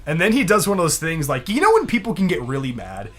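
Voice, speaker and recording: A man's voice: a little high, fast. A young man on a podcast, casually telling a long story, acting out what people said and laughing often. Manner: animated, acts out quotes in other voices, laughs often. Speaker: podcast co-host.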